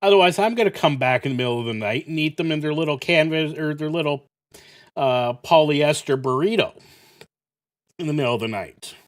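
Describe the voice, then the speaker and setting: A man's voice: a little high, a little fast, natural voice. A man voicing a smug, lazy male bear with a laid-back drawl as he retells a story.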